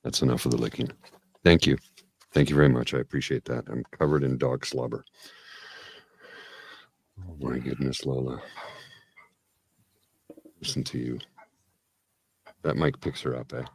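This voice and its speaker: A man co-hosting a casual chat, cracking jokes and complaining with animated energy, on a studio mic. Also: rumbling low, a little slow, pauses often. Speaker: podcast co-host. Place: home studio.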